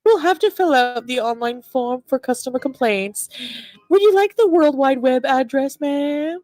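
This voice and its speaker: A woman's voice: sits high, lively intonation, moderate pace, darkish tone, dry recording. Woman doing a flustered, polite drive-through worker. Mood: apologetic. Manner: hesitant, overly polite. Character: flustered polite fast-food employee. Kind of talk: cartoon parody voice acting.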